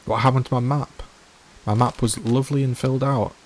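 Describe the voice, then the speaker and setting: A man's voice: medium pitch, fairly even intonation, brisk, a little hiss or hum. Joking man streaming a game. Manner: chatty, joking asides to chat. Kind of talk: casual live-stream commentary.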